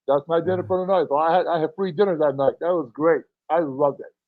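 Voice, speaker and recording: Middle-aged male wrestler guest, rambling storyteller, slightly high voice, dry dull audio. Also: steady tone, quick pace, no echo. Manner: rambling storyteller, chuckles between lines. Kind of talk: casual anecdote telling.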